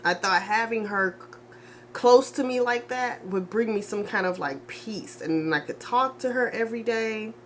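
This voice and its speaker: A woman's voice: medium pitch, a little hiss or hum. Grieving woman sighing through a confession. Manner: halting, repetitive speech with frequent sighs and restarts. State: grieving, low and emotional. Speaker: vlogger. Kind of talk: confessional vlog.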